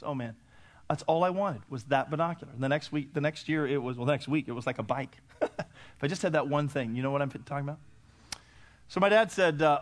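Animated man preaching a story sermon. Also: fairly high pitch, brisk. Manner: animated, acts out voices and laughs.

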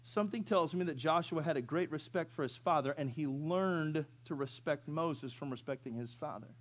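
A man's voice: a little high, moderate pace. A man in his fifties preaching a sermon, who tells funny stories and asks the congregation questions. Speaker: pastor.

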